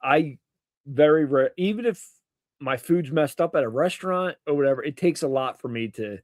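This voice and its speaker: A man's voice: fairly high pitch, animated, normal speed, darkish tone, no echo, studio quality. A man co-hosting a podcast, answering briefly in a laid-back way and laughing easily. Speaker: podcast co-host. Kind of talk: casual chat.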